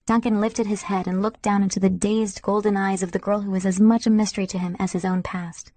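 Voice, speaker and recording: A woman narrating a romance audiobook in a soft, intimate way, sometimes dropping to a whisper. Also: medium pitch, level tone, brisk, no echo.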